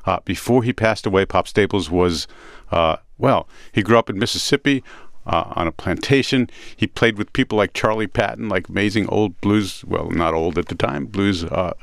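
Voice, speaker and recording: A Brooklyn-accented man with a very low voice hosts a radio music chat. He tells stories in a relaxed, rambling manner with lots of pauses. His voice sits close and dry in a radio studio. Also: gravelly, dry recording. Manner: relaxed storytelling with frequent "uh" pauses. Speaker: radio host.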